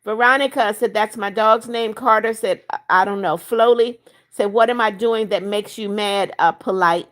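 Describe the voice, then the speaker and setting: A woman's voice: mid-range voice, normal speed, a bit bright. A woman of seventy-one hosting a livestream, reading out viewers' chat comments and answering each by name in a chatty way. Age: 70s. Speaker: livestream host.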